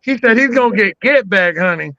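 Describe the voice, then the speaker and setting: A man co-hosting a casual chat, animated and playful, swearing freely. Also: sits high, a little fast, dry recording, highs cut off. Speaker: co-host.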